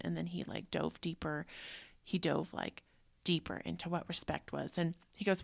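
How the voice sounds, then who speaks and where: A woman's voice: fairly low pitch, fairly even intonation, quick pace, gravelly, no room sound, clean studio sound. A woman in her thirties who hosts a show and teaches yoga, telling a personal story in an emotional, rambling way and saying "like" often. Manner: emotional, rambling, frequent "like" fillers.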